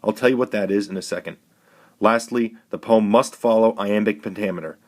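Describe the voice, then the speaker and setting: Measured male teacher, lower voice. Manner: clear, measured, instructive. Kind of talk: recorded classroom lesson.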